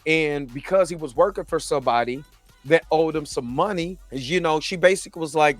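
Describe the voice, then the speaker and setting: A man with a fairly high voice talks at a fairly quick clip, recapping a TV episode as a show host in a loose, conversational style and often asking "you know what I mean." The recording is dry, with soft music playing in the background.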